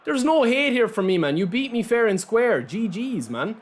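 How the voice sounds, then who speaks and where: An Irish man streaming a football game, talking casually and answering his viewers directly. His voice sits high for a man and swings widely in pitch. He speaks in a loose, conversational way. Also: very animated, normal speed. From Ireland. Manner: talks straight to chat, reads out and answers viewers' messages. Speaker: gaming streamer. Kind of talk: casual live-stream chat while playing.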